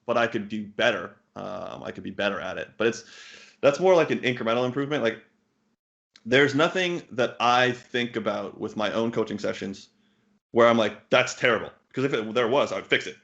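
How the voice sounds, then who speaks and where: This man, a thirtysomething poker coach, has a gravelly, slightly bright voice of medium pitch and talks briskly. He answers interview questions bluntly, swearing casually with lots of fillers and restarts, all captured on muffled lo-fi audio.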